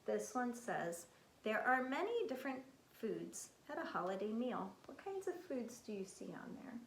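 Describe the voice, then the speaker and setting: A woman's voice: fairly high pitch, sing-song, moderate pace, creaky, a little hiss or hum. A woman teaching young children from picture cards, coaxing them with questions. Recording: echoey room.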